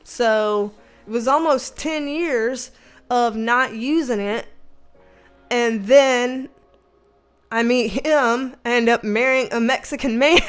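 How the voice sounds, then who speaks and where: A woman in her thirties from the American South with a light Southern accent, chatting casually on a livestream, animated, swearing and laughing as she tells stories. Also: high voice, a little slow. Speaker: livestream host.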